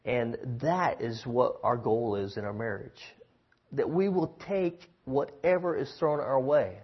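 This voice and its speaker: A man's voice: medium pitch, measured pace, breathy edge, muffled recording. A man giving a sermon as a pastor, talking in a casual, conversational way with lots of fillers and restarts.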